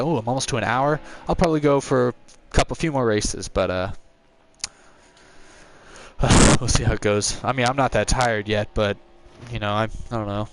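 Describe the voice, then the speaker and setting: Streaming a racing game on a headset mic, a tired young man with a mid-range voice chats casually at normal speed. He's relaxed and rambling as he responds to viewer chat, with background noise audible.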